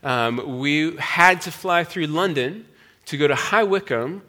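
Bright-voiced man telling his story. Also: a little high, a little slow. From United States. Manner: conversational storytelling, frequent fillers and restarts. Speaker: pastor and missionary speaker. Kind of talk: personal testimony talk to a church audience.

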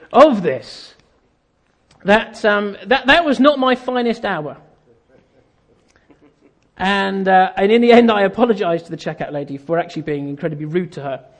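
A man's voice: high-pitched, lively intonation, normal speed, pauses often, a bit bright. A man giving a sermon as a pastor, telling a story and acting out the dialogue with self-deprecating humor while an audience laughs.

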